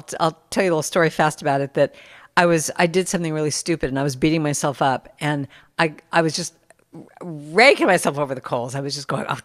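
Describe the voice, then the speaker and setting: A middle-aged woman in a casual conversation, telling stories and acting out what people said in lively bursts. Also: low voice, long reverb tail. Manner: animated storyteller, acts out quotes. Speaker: musician guest.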